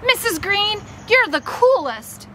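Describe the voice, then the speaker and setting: A woman reading an audiobook, voicing a huffy preteen boy with tics who protests, then gets excited. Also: very high voice, normal speed, slight background noise, voice pushed up, full character voice. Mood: thrilled.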